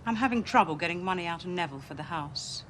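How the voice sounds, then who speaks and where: An actress playing a flirtatious wife in a 1980s TV soap, with a teasing, playful manner. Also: female voice, fairly low pitch, animated, fast, noisy background, lightly acted. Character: flirtatious wife seducing her husband.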